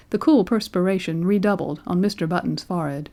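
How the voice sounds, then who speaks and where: A woman narrating a classic story as an audiobook, in a measured, expressive reading. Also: lowish voice. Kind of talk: scripted literary narration.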